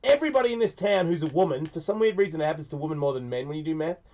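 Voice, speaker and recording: A man's voice: a little high, expressive, very fast, dull audio. Rambling, profane male radio host. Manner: rambling, profane, swings from mumbled to shouted. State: sick. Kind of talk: casual radio chat.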